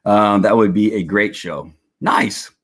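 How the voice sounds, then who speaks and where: A man's voice: lowish voice, steady tone, slow, slightly rough. A middle-aged man hosting a casual livestream, rambling with lots of restarts and chuckles. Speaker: host of a faith and politics livestream.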